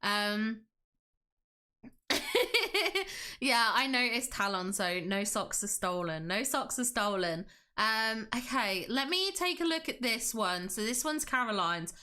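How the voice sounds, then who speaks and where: Gushing, bright-voiced woman streamer. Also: fairly high pitch, expressive, unhurried, hardly any pauses. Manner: gushing, enthusiastic, reads chat aloud. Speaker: livestream host. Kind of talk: casual livestream commentary.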